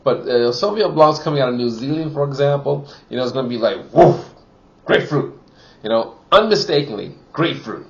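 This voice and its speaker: A man's voice: mid-range voice, lively intonation, brisk, creaky, dull audio. A man giving a casual wine tasting review, chatty and full of "you know" fillers, from Wisconsin.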